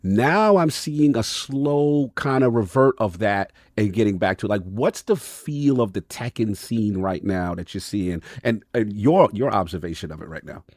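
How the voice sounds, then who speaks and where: A man with a fairly low voice hosts a gaming podcast in a chatty, relaxed way. He rambles through his questions. The sound is dry and close. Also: unhurried, few pauses, dry recording. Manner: relaxed, chatty, affirms often. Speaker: podcast host. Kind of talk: casual podcast chat.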